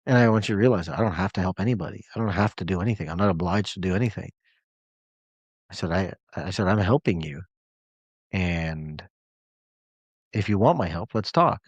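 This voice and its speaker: A man's voice: sits low, a little fast, pauses often, no echo, dull audio. A man coaching clients on a live call, telling a story in an emphatic, conversational way.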